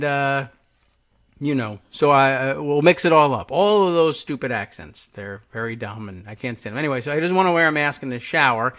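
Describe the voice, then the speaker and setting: A man's voice: medium pitch, fairly bright tone. A man hosting a live political talk radio show, musing sarcastically in a rambling, hesitant way. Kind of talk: casual political talk monologue.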